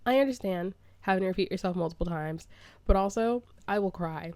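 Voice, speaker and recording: A woman's voice: medium pitch, brisk, no room sound. Chatty young woman vlogger, dry sound. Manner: chatty, animated, laughs often. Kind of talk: casual storytime while playing a building game.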